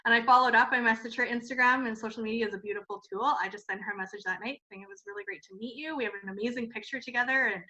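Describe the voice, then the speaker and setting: A woman who founded a cosmetics company tells a story in an interview, animated, laughing often and filling her talk with "like". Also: a little high, rapid-fire, hardly any pauses. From Canada. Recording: muffled lo-fi sound.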